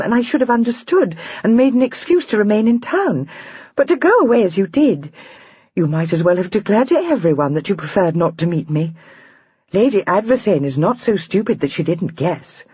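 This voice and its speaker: A woman voicing a highly strung young lady who talks in an impulsive, throbbing, emotional way. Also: sing-song, moderate pace, dark tone, husky, dry recording. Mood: aggrieved. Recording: dry, slightly dull recording.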